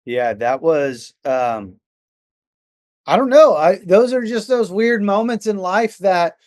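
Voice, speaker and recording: Excitable rambling middle-aged man. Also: sits high, takes it slowly. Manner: excitable, rambling with many fillers and restarts. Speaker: podcast guest, metal musician. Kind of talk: casual storytelling chat.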